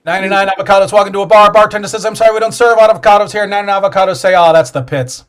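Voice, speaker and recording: A man hosting a live online improv comedy show, briskly calling on players by name over a video call. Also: high-pitched, steady tone, fairly bright tone, smooth. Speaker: improv host.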